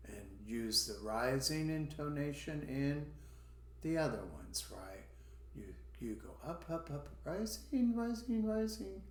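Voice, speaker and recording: A man's voice: lowish voice, echoey room. A man teaching an English class, demonstrating question intonation by swooping his voice up and down. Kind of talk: online language lesson.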